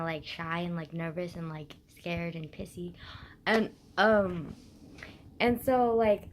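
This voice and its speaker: A young woman with a hoarse, croaky, scratchy voice, chatting casually to camera, rambling and swearing as she talks. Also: medium pitch. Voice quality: scratchy rasp. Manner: rambling, swears often, heavy use of "like". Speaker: vlogger.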